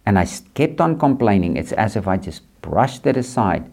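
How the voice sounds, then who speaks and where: A man's voice: on the low side, sing-song, moderate pace, creaky, darkish tone. A man hosting a podcast, speaking earnestly and repetitively in a reflective, faith-based monologue aimed straight at the listener. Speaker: podcast host.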